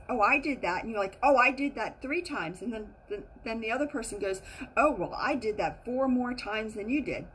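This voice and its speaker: A woman giving a casual teaching talk as a spiritual teacher, animated and acting out the inner voices she quotes. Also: on the high side, slight background noise, poor audio.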